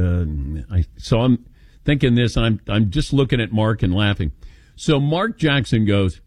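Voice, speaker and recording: A man's voice: fairly low pitch, a little slow, dry recording. A man hosting a sports call-in radio show, telling stories and acting out the quotes. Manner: animated storyteller acting out quotes.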